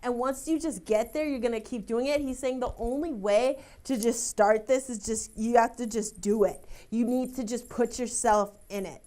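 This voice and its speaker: Young psychic lady on live tv, really high voice, gets teary and laughy passing on messages. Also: moderate pace, hardly any pauses, warm tone. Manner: emotional, laughing, relaying messages in a rush. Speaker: psychic medium host.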